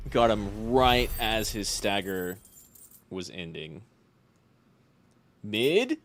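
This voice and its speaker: A man streaming a game, commenting casually and excitably, with frequent swearing. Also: on the low side, a little hiss or hum. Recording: loud game music behind.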